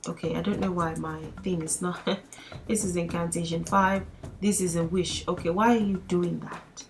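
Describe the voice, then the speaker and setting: A young woman walks her viewers through a casual lesson, chatty and quick to laugh. She slips into playful mock pleas to make a point. Soft music sits faintly in the background. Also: fairly low pitch, fairly even intonation. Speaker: language teacher.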